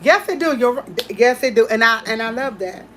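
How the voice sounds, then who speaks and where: Excited, emphatic woman, fairly high voice. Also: moderate pace, slight background noise. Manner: emphatic and repetitive, talks excitedly. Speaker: host. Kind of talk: casual chat.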